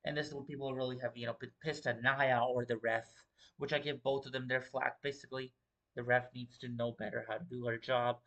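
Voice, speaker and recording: A man's voice: mid-range voice, flat delivery, brisk, fairly bright tone, highs cut off. A young man hosting a livestream and talking through wrestling shows in casual, profane, rambling commentary with many repeated filler words. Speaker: wrestling show host.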